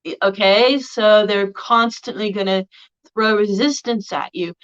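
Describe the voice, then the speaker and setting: Woman teaching casually, mid-pitched, with halting restarts; muffled lo-fi recording. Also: smooth. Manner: conversational, frequent fillers and restarts. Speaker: spiritual teacher.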